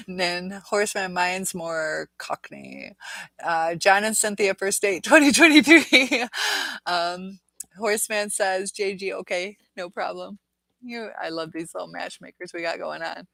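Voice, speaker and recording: Slow-talking woman, casual chat. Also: on the low side, big pitch swings, vocal fry, bright, forceful tone, no room sound. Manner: rambling, chatty, laughs often. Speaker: livestream host reading viewer chat.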